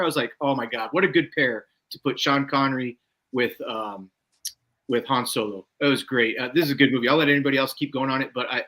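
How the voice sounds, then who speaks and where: A man's voice: mid-range voice, bright, forceful tone. A man on a casual movie podcast panel, blunt and casual, swearing now and then. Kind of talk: casual movie review chat.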